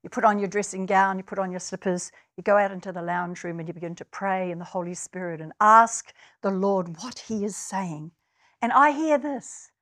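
A woman from New Zealand preaching a sermon, earnest, and building to emphatic, stirring passages. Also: mid-range voice. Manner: earnest, rises to emphatic exclamations.

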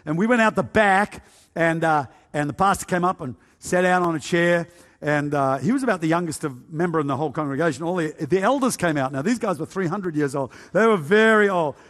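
A man delivers a humorous testimony sermon, spinning his story with self-mocking exaggeration and plenty of hesitant uhs. His voice sits a little high for a man. It rings out with a long reverb, as in a large hall. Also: brisk, fairly bright tone. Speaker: preacher giving testimony.

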